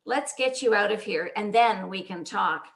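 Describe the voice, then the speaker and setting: A woman voicing God in a joke, speaking calmly and gently firm. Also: medium pitch, vocal fry, natural voice. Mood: patient. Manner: calm, unhurried and gently firm. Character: calm, patient God speaking from above.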